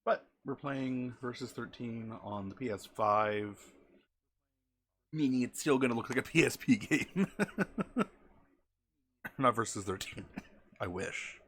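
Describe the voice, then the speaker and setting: A man's voice: medium pitch, measured pace, fairly bright tone, a little hiss or hum. A man chatting casually as a game streamer, rambling and often correcting himself mid-sentence.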